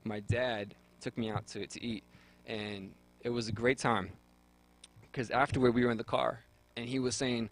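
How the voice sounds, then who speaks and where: A young man speaks as a guest on a radio talk show, telling his faith story in earnest, heartfelt terms. He often restarts and repeats words while he searches for what to say. His voice sits at a mid pitch. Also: little pitch movement, normal speed, poor audio.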